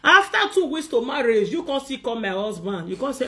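Woman, Nigerian Pidgin accent, bright and forceful tone, scolding rant, vlog monologue. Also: fairly high pitch, a little fast, hardly any pauses. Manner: scolding, animated, acts out others' words. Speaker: vlogger. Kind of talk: ranting monologue to camera.

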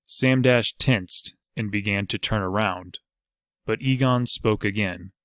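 Reading from an adventure novel, this male audiobook narrator tells the story at a measured, even pace. His pitch is fairly low, and the studio-quality audio has no room sound at all.

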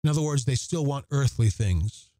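A man's voice: mid-range voice, animated, moderate pace, warm tone, no room sound. A man hosting a religious podcast, speaking earnestly and emphatically, repeating phrases for emphasis as he reads passages aloud and comments on them. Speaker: podcast host. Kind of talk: reflective Catholic podcast commentary.

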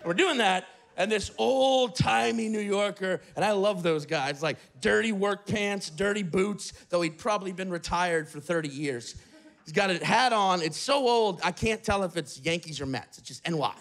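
A man doing stand-up comedy in an apartment, telling a story in an animated way. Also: high-pitched, normal speed, creaky. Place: apartment living room, live audience.

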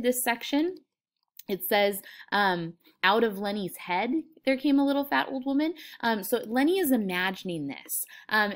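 A woman English teacher reading a novel aloud and explaining it to her students, with frequent fillers. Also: a little high.

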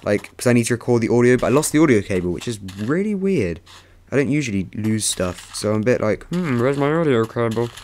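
A man's voice: mid-range voice, very animated, fast, darkish tone. A young man rambling chattily through casual gameplay commentary as a let's play host, breaking into sudden yelps.

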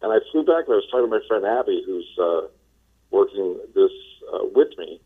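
A man from the Los Angeles area, a sales trainer being interviewed, telling his story in a relaxed way with many fillers. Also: fairly low pitch, fairly quick, slightly rough. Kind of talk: casual phone interview. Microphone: telephone. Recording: tinny phone line.

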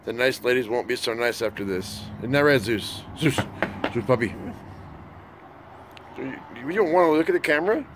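Man, casual vlog, phone camera, coos at his dog, mid-pitched voice. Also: lively intonation, moderate pace, pauses often, noisy background. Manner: chatty, coos at the dog in a higher voice. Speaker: vlogger.

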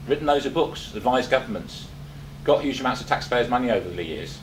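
A man's voice: medium pitch, expressive, a little fast, roomy sound, slight background noise, low-quality recording. An older man from England giving a chatty talk to a small group, full of rhetorical questions and restarts. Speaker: presenter. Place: meeting room.

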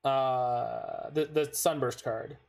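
A man's voice: medium pitch, fairly even intonation, takes it slowly, vocal fry. A man giving casual commentary on his own card game, talking to himself and swearing when plays go wrong. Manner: frustrated outbursts and swearing; talks to himself while playing. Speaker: gaming streamer.

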